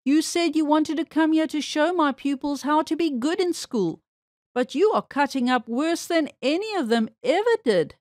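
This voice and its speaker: Woman playing a lady mouse teacher, squeaky, prim, storybook voice, dry close sound. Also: lively intonation, normal speed, dry recording. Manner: squeaky, proper and reproachful.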